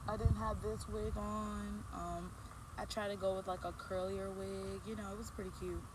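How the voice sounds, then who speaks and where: A woman's voice: medium pitch, little pitch movement, moderate pace, noisy background. A woman vlogger telling a casual storytime, rambling with lots of fillers and restarts.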